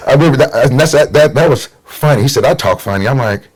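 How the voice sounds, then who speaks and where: A man's voice: mid-range voice, a little slow, crowd noise. A middle-aged man from Portland, Oregon, telling stories as a guest in a casual conversation and acting out the voices of people he quotes. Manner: easygoing storyteller, acts out quotes.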